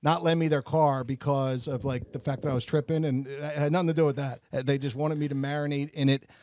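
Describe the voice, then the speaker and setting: A man's voice: a little high, fairly even intonation, fast, darkish tone, slight background noise. A man in his forties, co-hosting a podcast, tells a long story in a rambling way, full of restarts and "like"s. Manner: rambling, self-interrupting, many restarts and "like"s. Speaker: podcast co-host. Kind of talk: casual storytelling chat.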